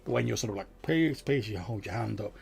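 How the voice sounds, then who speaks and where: A man's voice: fairly low pitch, steady tone, racing, vocal fry, a little mellow. A man narrating a tabletop game as game master, loose and full of fillers. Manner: many fillers, describes scenes loosely.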